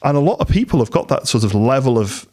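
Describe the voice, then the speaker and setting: A man's voice: medium pitch, big pitch swings, fast, warm tone. A man hosting a business interview, chatting casually and acting out other people's lines. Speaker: podcast host.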